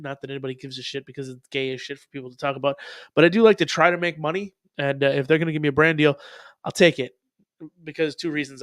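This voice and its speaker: A man's voice: fairly high pitch, dry recording, clean studio sound. A man in his thirties hosting a casual live stream, rambling and profane with many ums. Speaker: streamer host reacting to music.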